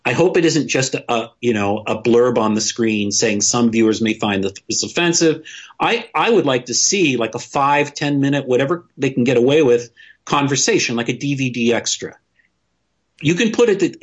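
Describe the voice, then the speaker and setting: An opinionated man talks through a casual podcast discussion, blunt and quick to curse, often stumbling over his own restarts. His voice is slightly husky and sits at a middling pitch. The recording is a bit dull and lo-fi. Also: lively intonation. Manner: opinionated, blunt, swears freely, many restarts.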